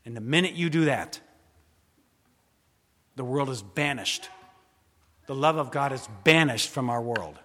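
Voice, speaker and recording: A man preaching a sermon as pastor, dramatic, swinging from loud emphasis to hushed asides. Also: medium pitch, a little slow, pauses often. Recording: long hall reverb.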